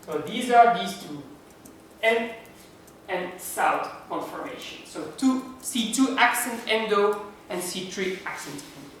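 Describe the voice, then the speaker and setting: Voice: mid-range voice, lively intonation, unhurried, fairly bright tone, slight background noise. Lecturer, university lecture, step-by-step explaining, rhetorical questions, very echoey hall, distant mic.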